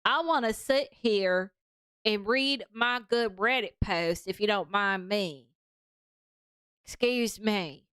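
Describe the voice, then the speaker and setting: A woman's voice: medium pitch, slow, a bit bright, clean tone, no echo, studio quality. A woman putting on the voice of a snooty, entitled passenger, with haughty, indignant complaints. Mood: mocking indignant.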